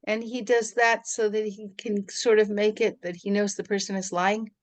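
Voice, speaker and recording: A woman student asking questions in a language class and thinking out loud. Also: medium pitch, flat delivery, moderate pace. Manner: inquisitive, thinks aloud. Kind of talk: class discussion.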